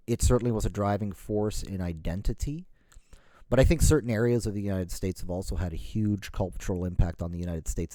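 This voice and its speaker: A middle-aged man from Canada talks to listeners in a relaxed solo episode. His voice sits very low with a warm, mellow tone. The sound is close and dry, and he wanders through his points with restarts and plenty of "you know"s. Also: dry recording. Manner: rambling, self-correcting, lots of "you know". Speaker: podcast host. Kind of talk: casual solo talk.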